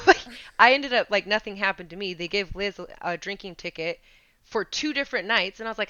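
Young woman, casual storytelling, bright crisp voice, dry dull lo-fi sound. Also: medium pitch, brisk, no room sound. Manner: animated, swearing, laughing storyteller. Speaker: guest telling a story.

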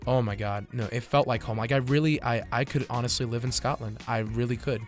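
A young man co-hosting a relaxed podcast, rambling through a travel story with a mid-range voice and easy laughter. He swears casually and talks in loose, chatty bursts. Faint music sits behind him. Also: mid-range voice, a little fast. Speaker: podcast co-host. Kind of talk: casual chat.

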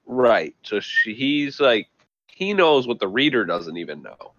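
A man's voice: medium pitch, big pitch swings, unhurried, fairly bright tone, dry recording, highs cut off. A man co-hosting a podcast who jokes, teases and argues points about a fantasy novel. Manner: joking, teasing, argumentative. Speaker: podcast co-host. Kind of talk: casual book discussion.

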